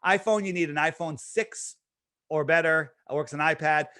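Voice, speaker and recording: A man guesting on an interview, talking fast and emphatically with plenty of restarts and fillers. His voice sits fairly high, and the recording is dry and close, with little room sound. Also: pushed and bright, dry recording. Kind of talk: casual promotional talk.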